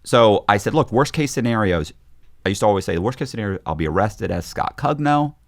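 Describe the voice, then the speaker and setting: A man's voice: lowish voice, lively intonation, fast talker. A man, a podcast guest, telling a story in casual conversation, acting out quoted voices, with frequent restarts.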